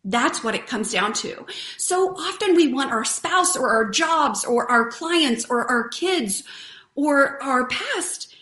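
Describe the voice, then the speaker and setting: A woman's voice: high voice, animated, takes it slowly, fairly bright tone. A woman hosting a live stream, giving a casual, earnest motivational talk and chatting with viewers. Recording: roomy echo.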